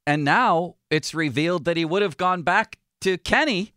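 A man's voice: sits high, moderate pace, bright, forceful tone, no room sound. Male sports talk host, opinionated and conversational, dry studio sound. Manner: opinionated, chatty.

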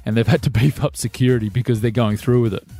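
A man's voice: medium pitch, fairly even intonation, fast, mellow, soft background music. A man co-hosting a breakfast radio show, telling stories in a chatty way and laughing often. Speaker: radio co-host. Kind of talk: casual breakfast radio banter.

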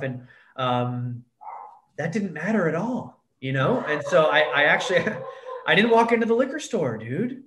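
A man's voice: on the high side, sing-song, measured pace, a bit bright, slight background noise. A man telling a candid recovery story as a podcast guest, blunt and profane, calling the host "dude". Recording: echoey room.

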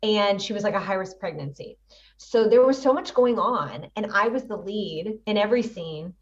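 A woman's voice: medium pitch, expressive, normal speed, far from the mic, dull audio. A woman in her thirties, an actress and producer, chatting animatedly as an interview guest and laughing often. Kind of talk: casual interview chat.

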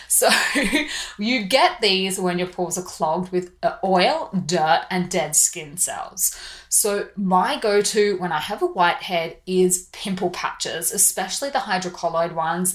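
A woman with an Australian accent hosting a podcast, giving casual skincare advice in a chatty, informal way. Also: fairly low pitch. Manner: chatty and informal, explains plainly with easy laughs. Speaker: podcast host.

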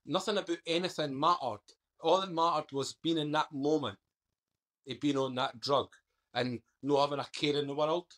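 A man's voice: a little high, steady tone, normal speed, fairly bright tone. A man, a guest on a podcast, candidly recounting his past in an earnest storytelling manner. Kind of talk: interview.

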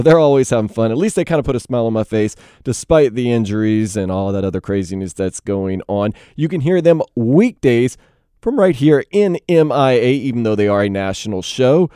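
Young male radio host, mellow tone, dry studio sound, energetic promo patter, playful pitch jumps. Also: dry recording. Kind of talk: upbeat sports radio promo.

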